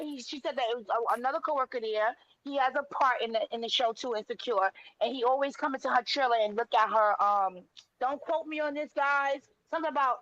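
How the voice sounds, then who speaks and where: A woman with a high voice co-hosts a casual gossip chat. She retells stories by acting out each person's lines and keeps cutting in with "wait, wait". The recording sounds dull and lo-fi. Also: fairly bright tone, no echo. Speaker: podcast co-host.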